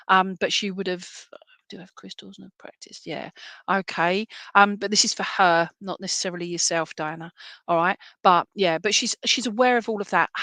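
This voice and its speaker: A British woman medium speaks softly and reassuringly as she passes on a message from spirit. She sits at an ordinary middle pitch and often pauses to check in with her listener. The sound is dry and close, with no room around it. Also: dry recording. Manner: gentle, reassuring, checking in with "all right?" and "okay?".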